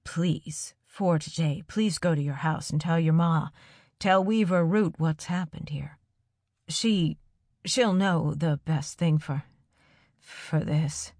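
A woman voicing a kind male village teacher who speaks gently and softly, then stammers when he is uneasy. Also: low-pitched, slow pace, no echo, clean studio sound, full character voice. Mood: stammering. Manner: gentle, soft, stammering under strain.

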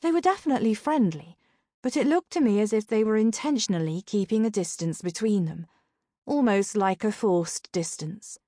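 A woman's voice: mid-range voice, expressive, moderate pace, mellow, no echo. Woman narrating a novel, dry close voice. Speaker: audiobook narrator. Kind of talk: first-person novel narration.

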